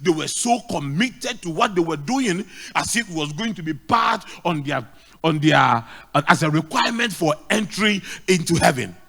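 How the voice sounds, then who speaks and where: A man's voice: a little high, lively intonation, normal speed, vocal fry, sharp tone. A middle-aged man with a Ghanaian English accent preaching a sermon, emphatic and repeating key lines. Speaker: pastor.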